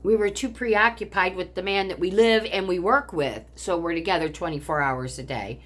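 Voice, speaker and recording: With a fairly low, slightly bright voice at an ordinary pace, an older American woman vents to camera. The vlogger, at home with a pond outside, angrily and profanely tears into her family in a bitter rant.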